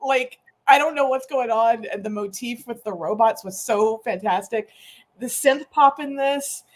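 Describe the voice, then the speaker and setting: A woman with a slightly high voice co-hosting a podcast. She talks in a chatty, animated way and breaks into laughter often. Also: measured pace. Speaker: podcast co-host. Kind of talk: casual podcast chat.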